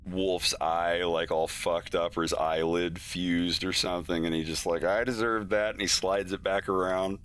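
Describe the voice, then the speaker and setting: Bright-voiced man rambling on a stream. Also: sits low, level tone, moderate pace, few pauses, smooth. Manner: rambling, laughs often, acts out characters' lines. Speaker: animator streaming his work. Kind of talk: casual stream chat.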